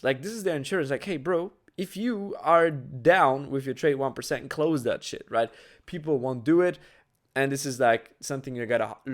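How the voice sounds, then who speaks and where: Casual trader guy, lots of "right?". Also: mid-range voice. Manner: conversational, frequent "right?" tags and fillers. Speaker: trading educator. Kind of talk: casual explanatory talk to camera.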